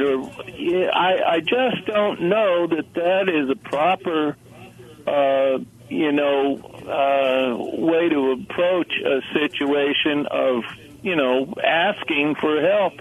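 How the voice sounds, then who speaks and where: A man calling in to a radio show, asking his question hesitantly with many fillers, heard over a tinny phone line. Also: on the high side. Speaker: caller.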